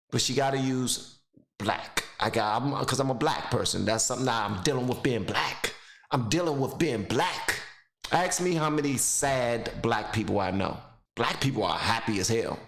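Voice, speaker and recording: A man's voice: medium pitch, expressive, moderate pace, a bit bright, reverberant. A man giving blunt, mocking casual commentary while reacting to a video clip, rambling into stories.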